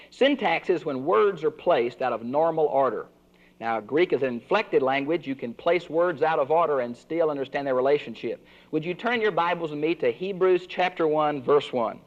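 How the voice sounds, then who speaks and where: Older male Bible teacher, fairly high voice, earnest classroom delivery, dull recording. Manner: earnest teaching, swinging pitch for emphasis.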